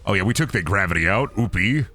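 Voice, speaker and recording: A man's voice: fairly low pitch, lively intonation, fast, sharp tone. A man giving casual, joking, profane commentary to himself while streaming a game.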